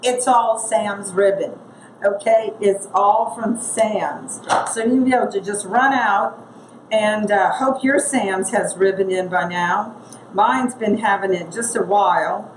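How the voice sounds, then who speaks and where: Speaking slowly in a mid-range, gravelly voice, a woman walks through a casual craft tutorial. She chats and thinks aloud as she works, and the room she's in is echoey and noisy.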